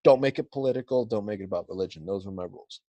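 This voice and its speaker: A man's voice: lowish voice, very fast, warm tone, no room sound, muffled recording. A young man with a Californian accent, telling a profane, blunt story in casual podcast chat. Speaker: podcast guest.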